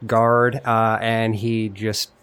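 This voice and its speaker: A man playing a tabletop game, describing his character's actions in a relaxed way. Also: on the low side, extremely slow, smooth. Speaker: player. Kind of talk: casual tabletop game play.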